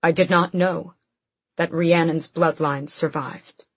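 A woman's voice: low voice, steady tone, slow pace, husky, no echo, full character voice. A woman voicing a cold, tight-voiced witch. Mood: grim.

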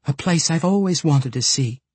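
A spirited young woman with a folksy turn of phrase, as a male narrator puts her on. Her voice lifts noticeably higher and louder than his own, and it carries a husky edge. The dry, close recording has no room sound. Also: animated, normal speed, no room sound. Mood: eager. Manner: folksy dialect speech. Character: lively young woman, eager and hopeful.

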